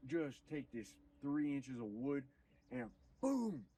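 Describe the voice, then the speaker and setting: Husky man telling a story, profane and animated. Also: mid-range voice, takes it slowly, distant mic, poor audio. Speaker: streamer. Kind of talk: casual storytelling on a livestream.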